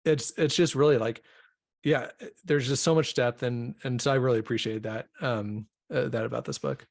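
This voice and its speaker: Chatty podcast cohost dude, mid pitch, says like a lot. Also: male voice, steady tone, normal speed, creaky, no echo, studio quality. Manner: chatty, heavy use of "like". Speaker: podcast co-host. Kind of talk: casual podcast interview.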